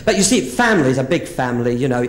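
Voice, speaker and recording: A man's voice: medium pitch, very animated, very fast. A man performing a bawdy stand-up monologue in drag character on a live theatre stage. He tells camp stories and swoops into quoted voices. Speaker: drag comedian.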